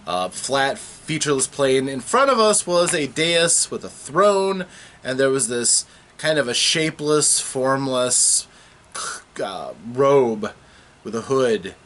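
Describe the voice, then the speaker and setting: A man retells his latest tabletop game session in a casual recap. His pitch swings widely as he tells the story, and he often stops and restarts his sentences. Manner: animated storytelling with halting restarts.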